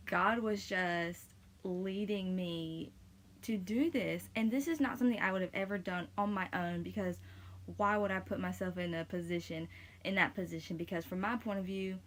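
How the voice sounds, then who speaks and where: Young woman, mid-pitched voice, casual vlog testimony, rambling, emotional. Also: normal speed. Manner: rambling, many fillers and restarts, emotional and near tears. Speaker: vlogger sharing testimony.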